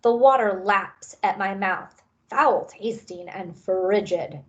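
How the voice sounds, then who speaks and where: A woman reading a children's novel aloud, raising her pitch and energy for the characters' lines. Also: takes it slowly, lo-fi sound. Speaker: reader. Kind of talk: audiobook-style read-aloud.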